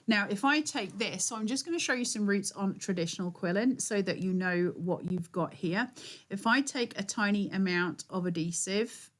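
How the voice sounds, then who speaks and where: A woman's voice: mid-range voice, normal speed. A woman with a northern English accent, a guest crafter explaining and demonstrating a technique step by step in a chatty, hands-on way on a live stream.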